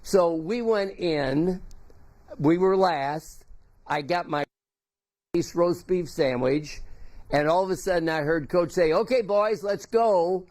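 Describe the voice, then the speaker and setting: An older man speaks at a memorial, his voice sitting a little high for a man. He tells homespun stories in a folksy, halting way, circling back and restarting his sentences as he goes. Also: darkish tone. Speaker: former teammate giving a tribute. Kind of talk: memorial tribute storytelling.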